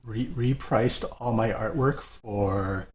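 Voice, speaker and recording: A man's voice: lowish voice, slow pace. A man co-hosting a live painting stream, chatting casually, laughing often and greeting viewers by name.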